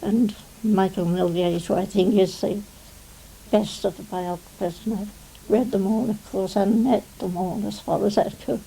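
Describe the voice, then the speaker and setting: A woman's voice: medium pitch, fairly even intonation, normal speed, gravelly, mellow, a little hiss or hum, low-quality recording. An English woman in her nineties, a retired stage actress reminiscing in a television interview, rambling and often adding "you see". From England. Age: 90s.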